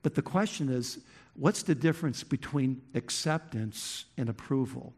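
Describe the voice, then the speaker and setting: A man preaching a sermon, swinging from loud impassioned peaks to quiet, earnest lows, often restarting phrases. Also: normal speed, breathy edge. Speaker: pastor. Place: church.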